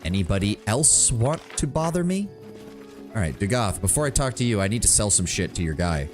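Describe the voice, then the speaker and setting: A male streamer talks through his game in a low voice, lively and full of swearing. Faint game music runs underneath. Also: brisk. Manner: profane, animated, muttering. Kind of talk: casual game commentary.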